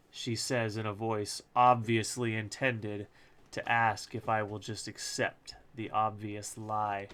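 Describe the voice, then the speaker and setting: Slow-talking bright-voiced male author reading. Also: on the low side, little pitch movement. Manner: casual and crude, joking asides. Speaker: author reading his own book. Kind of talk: live-streamed audiobook reading.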